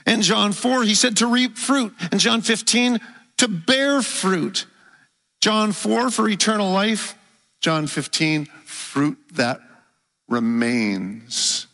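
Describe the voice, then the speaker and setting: A man with a raised, bright and forceful voice delivers a teaching sermon in a church. He explains point by point and draws out key words for emphasis. His voice carries a long reverb from the hall. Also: high voice, takes it slowly, gravelly. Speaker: preacher.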